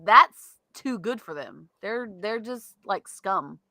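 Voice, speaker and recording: A woman's voice: medium pitch, expressive, slow, creaky, sharp tone, dry recording. A woman with a Southern US accent, co-hosting a podcast in casual chat, chatty and laughing often. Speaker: podcast co-host. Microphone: studio mic.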